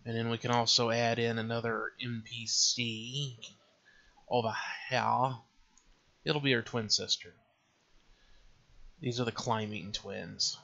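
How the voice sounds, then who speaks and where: Hosting an easygoing game development tutorial recorded from his screen, a man thinks aloud and mutters to himself as he clicks through menus. His gravelly, sharp voice sits at medium pitch with little pitch movement, and he speaks slowly with long pauses. The recording is slightly dull and lo-fi.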